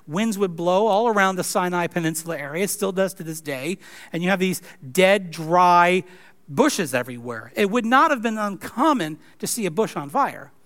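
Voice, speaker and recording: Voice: medium pitch, a bit bright. A pastor preaching a sermon in a conversational way, with wry asides.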